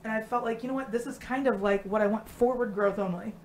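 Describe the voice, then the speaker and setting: A woman co-hosting a live stream, talking casually and bluntly with lots of swearing and animated storytelling. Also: a little high, fast, slight background noise. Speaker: co-host.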